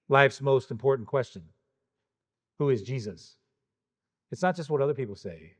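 A man's voice: mid-range voice, normal speed. A man preaching an expository sermon verse by verse, emphatic and full of pointed rhetorical questions.

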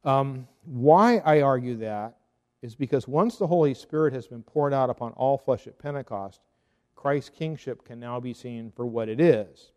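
A man's voice: mid-range voice, normal speed, dark tone, in a large hall. A man, a Reformed pastor, giving an earnest, argumentative theological talk full of rhetorical questions.

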